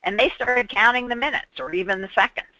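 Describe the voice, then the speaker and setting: Bright-voiced woman teaching a webinar. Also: on the high side, a little fast, dry recording, muffled recording. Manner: explains through worked examples, acting out short quoted lines. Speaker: webinar presenter on patient experience. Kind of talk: instructional webinar talk.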